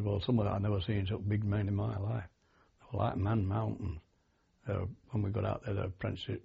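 An older man from Britain recalls his army days in an oral history interview, speaking haltingly with many fillers and restarts. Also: fairly low pitch. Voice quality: gravelly and raspy. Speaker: war veteran interviewee. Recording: dull lo-fi archival tape.

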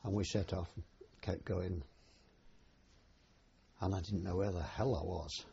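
A man's voice: deep voice, steady tone, vocal fry, dark tone, slightly rough. An older man, a war veteran, recalling his service in a plain, hesitant oral-history telling. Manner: plain unhurried storytelling with hesitations. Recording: dull lo-fi recording.

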